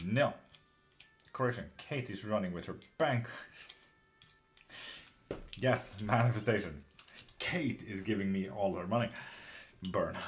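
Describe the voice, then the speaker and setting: A man doing live tarot readings, chatting breezily with viewers and answering questions quickly, with casual swearing. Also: mid-range voice. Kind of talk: casual live-stream chat.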